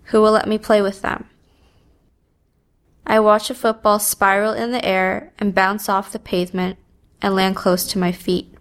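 A woman reading a first-person story aloud in a subdued, even manner. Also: medium pitch. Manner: slow, even, subdued delivery. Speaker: narrator.

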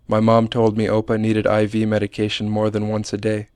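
Low, flat-voiced man reading a memoir. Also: smooth, no room sound, studio quality. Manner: measured, plain, understated reading. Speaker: narrator. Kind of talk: reading a personal memoir aloud.

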